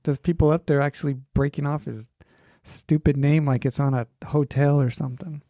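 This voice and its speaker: A man's voice: a little high, steady tone, a little fast, mellow, dry recording, studio quality. A man co-hosting a podcast in casual chat, teasing and joking and mimicking other people's voices. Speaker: podcast co-host.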